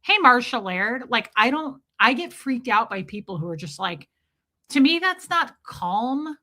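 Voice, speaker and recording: A woman hosting a livestream, chatty and animated, greeting viewers in chat by name as she comments. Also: fairly high pitch, unhurried. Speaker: host, livestreamer.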